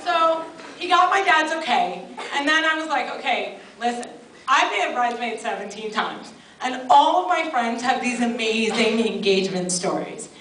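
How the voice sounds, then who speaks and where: A woman's voice: fairly high pitch, animated, normal speed. A woman in her thirties performing a stand-up comedy set, chatty and self-mocking, with lots of ums and asides. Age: 30s. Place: live comedy venue. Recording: far-off roomy live club recording. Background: loud audience laughter and noise.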